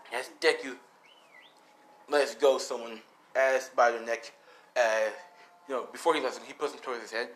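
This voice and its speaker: A young man rambling through an improvised fan story at a middle pitch, stacking up fillers as he goes. He talks casually and loosely. A faint hiss sits under his voice. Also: steady tone, a little slow, pauses often, fairly bright tone. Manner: rambling, full of "you know" fillers.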